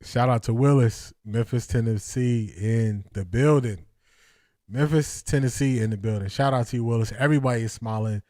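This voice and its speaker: Excitable, breathless male stream host, mid-pitched voice, dry close sound. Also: normal speed, dry recording. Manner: excitable, laughing, addresses viewers as y'all. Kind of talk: live watch-party commentary.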